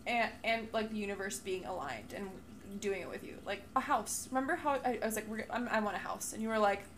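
A young woman co-hosting a casual podcast chat. She talks in an animated way, laughs often and acts out quoted lines playfully. A faint noise sits behind her voice. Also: mid-range voice, brisk. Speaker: podcast co-host.

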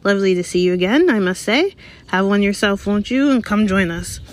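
A woman reading aloud, voicing a pompous, portly male government minister in a smooth, self-important way. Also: mid-range voice, animated, fairly quick, close to an everyday voice. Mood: pompous, grave. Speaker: reader. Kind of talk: read-aloud audiobook.

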